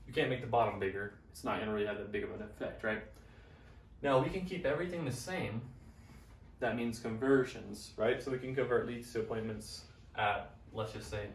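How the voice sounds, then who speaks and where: A young man casually explaining a business funnel at a whiteboard, upbeat and slangy. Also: mid-range voice. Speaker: business coach. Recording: roomy, from a distance, faint noise.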